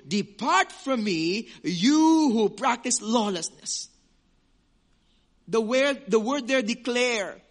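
Animated high-voiced male preacher. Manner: animated, acts out little scenes with quoted voices; emphatic, stretches key words slowly. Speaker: pastor. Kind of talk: sermon.

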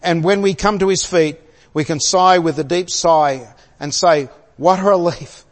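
A man's voice: fairly high pitch, a little slow. An older man preaching a sermon, telling a personal story with light chuckles and asking his listeners questions. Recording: long hall reverb.

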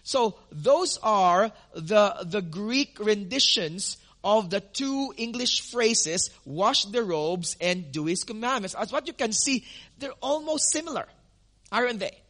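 Male pastor preaching, pretty high voice, keeps repeating stuff for emphasis, lots of ums. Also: animated, takes it slowly, a bit bright. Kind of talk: sermon teaching.

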